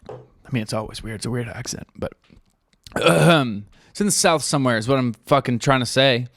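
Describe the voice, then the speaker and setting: With a creaky, slightly bright mid-range voice at a normal speed, this podcast host meanders through his talk, swearing often and filling gaps with ums and likes. The studio recording has no room sound.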